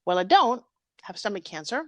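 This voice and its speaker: A woman's voice: mid-range voice, very animated, fairly quick, fairly bright tone. A woman in her fifties, a guest talking candidly and animatedly in an emotional interview, close to tears, over a live video stream. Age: 50s.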